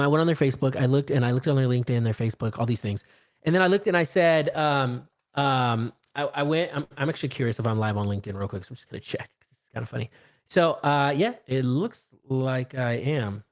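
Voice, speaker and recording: A man in his late thirties giving a casual live-streamed business talk, acting out little dialogues as he goes. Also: a little high. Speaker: real estate investor and speaker.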